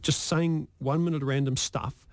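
A man's voice: on the high side, steady tone, normal speed, dry recording. A male radio host, chatting in a loose, jokey way and tumbling over repeated words. His voice is close and dry on a studio microphone. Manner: jokey, rambling, stammers on repeats. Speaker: radio talk show host. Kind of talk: casual radio chat.

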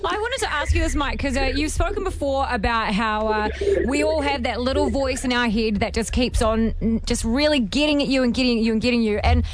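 A woman's voice: fairly high pitch, fairly quick, few pauses, crowd noise. A woman, a radio host speaking openly and with enthusiasm. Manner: open, enthusiastic. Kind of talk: radio chat.

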